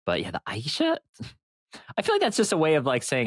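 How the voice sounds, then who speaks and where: This male co-host's voice is on the high side at a normal pace, in a dry, studio-quality recording. In casual podcast chat he rambles through long, animated stories, dropping the occasional swear word.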